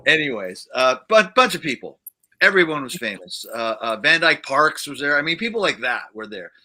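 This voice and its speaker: Musician guy rambling thru an old studio story, lots of uhs, bright tone. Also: fairly high pitch, big pitch swings, normal speed. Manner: rambling, many fillers and restarts. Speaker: guest musician. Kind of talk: casual storytelling chat. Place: livestream studio.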